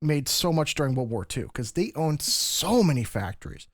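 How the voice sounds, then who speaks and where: A man's voice: on the high side, very animated, normal speed, no echo, clean studio sound. A man hosting a podcast, explaining history in a casual, lecturing way with frequent restarts. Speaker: podcast host.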